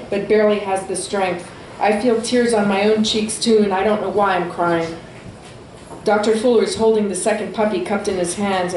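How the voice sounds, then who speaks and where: A woman reading her own fiction aloud at a small venue, with steady, expressive storytelling. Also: mid-range voice, roomy sound, a little hiss or hum, low-quality recording. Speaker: author.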